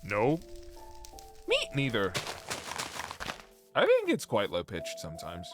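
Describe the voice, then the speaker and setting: Young male streamer, lively and bouncy delivery, rambles and jokes with his chat, faint music behind. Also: mid-range voice, slow pace, pauses often. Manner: joking, rambling, reads chat aloud. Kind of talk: casual live-stream chat. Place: at home.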